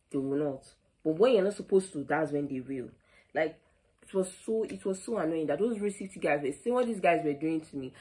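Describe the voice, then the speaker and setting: A young Nigerian woman with a Nigerian accent, telling an animated storytime vlog, full of quoted back-and-forth and "like". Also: low-pitched, poor audio. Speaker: vlogger.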